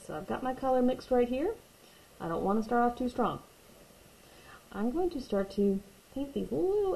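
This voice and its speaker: A woman's voice: fairly high pitch, gravelly, dark tone, slight background noise, poor audio. A woman teaching a watercolor painting tutorial, patient and reassuring, repeating her key points. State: hiccups. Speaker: art teacher.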